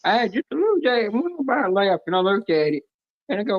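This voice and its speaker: A woman's voice: mid-range voice, lively intonation, fast. A woman in casual live-stream chat, telling folksy stories and acting out her own quotes. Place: home in the United States. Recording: dry, dull lo-fi stream audio.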